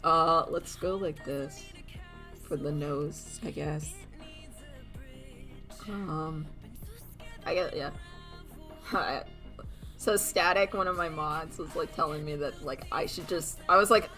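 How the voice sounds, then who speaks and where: Bright-voiced rambling young woman. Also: sits low, slow, long pauses. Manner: rambling, giggly, self-mocking, acts out quoted voices. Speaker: streamer drawing on stream. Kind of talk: casual chat while drawing. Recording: faint background music.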